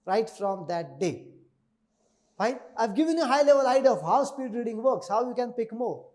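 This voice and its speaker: A man's voice: extremely high pitch, animated, moderate pace, a little mellow. A man who trains people in speed reading, giving an emphatic webinar lecture that repeats key numbers and keeps asking listeners to agree.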